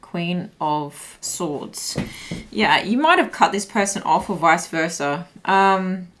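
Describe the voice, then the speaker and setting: A woman's voice: on the low side, lively intonation, takes it slowly, fairly bright tone, a little hiss or hum. Slightly breathless woman reading tarot. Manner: musing, searching for words as she reads cards. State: slightly breathless, voice a bit shaky. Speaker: tarot reader. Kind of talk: intuitive tarot card reading.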